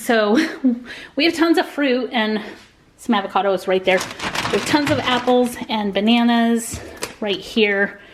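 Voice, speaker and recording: A woman from the United States, a family vlogger, casually chatting to the camera as she shows things around her. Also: on the high side. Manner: chatty and friendly, showing things as she talks. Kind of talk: casual vlog chat to camera.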